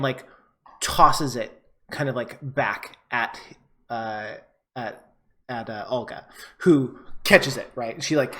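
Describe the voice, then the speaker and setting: A man narrating a tabletop game as game master in a relaxed way, with lots of fillers. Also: mid-range voice.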